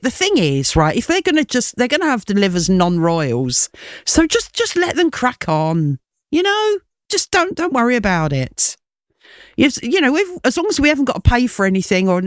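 A woman hosting a radio show, chatting in a gossipy, animated way with quick asides. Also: mid-range voice, dry recording, clean studio sound.

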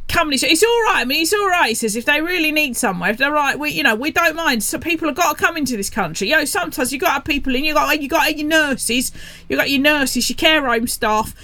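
A woman's voice: high-pitched, expressive, fast talker, pushed and bright, voice pushed up. A woman relaying the words of a blunt young male protester in a plain-spoken way, close to her own voice.

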